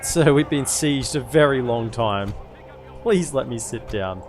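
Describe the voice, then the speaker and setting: A man's voice: medium pitch, unhurried, music in the background. Chatty man streaming a strategy game. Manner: chatty, rambling, bursts into exclamations. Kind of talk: live gameplay commentary.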